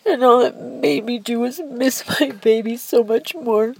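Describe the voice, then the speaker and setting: A young woman telling a personal life story candidly, in a halting, emotional way with restarts and sighs. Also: a little high, vocal fry, a little mellow, slightly rough, rough recording.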